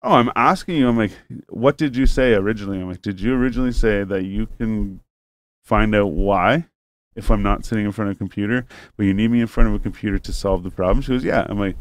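A man's voice: on the low side, fairly even intonation, fast talker. A man telling a long, rambling story in casual chat, cursing freely and acting out both sides of a phone call.

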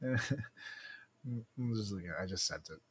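A man's voice: sits low, normal speed, slight background noise. A young man co-hosting a podcast, chatting casually and laughing often. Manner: laughs often, animated, swings between quiet and loud. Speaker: podcast co-host. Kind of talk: casual chat.

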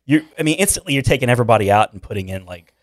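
Animated jokey man chatting. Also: mid-range voice, very fast, dry recording, studio quality. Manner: animated, jokey, interrupts with bits. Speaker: podcast co-host. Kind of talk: casual chat.

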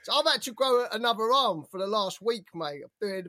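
High-voiced man, animated storyteller. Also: a little fast. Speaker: podcast co-host. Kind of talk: casual chat.

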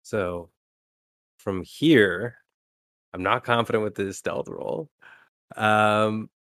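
A man's voice: lowish voice, extremely slow, fairly bright tone, dry recording, clean studio sound. A man playing a tabletop game, chatting casually and describing his character's actions. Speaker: player.

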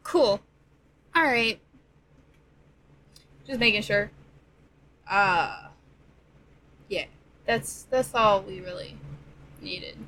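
A woman's voice: medium pitch, extremely slow, pauses often, pushed and bright, a little hiss or hum, poor audio. A woman playing a tabletop game, laid-back with short replies. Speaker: player.

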